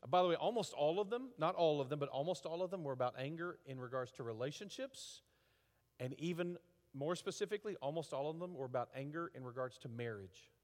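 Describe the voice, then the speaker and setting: A man preaching a conversational sermon, halting with fillers and restarts, rising to emphatic rhetorical questions. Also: fairly high pitch, darkish tone. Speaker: pastor. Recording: reverberant hall.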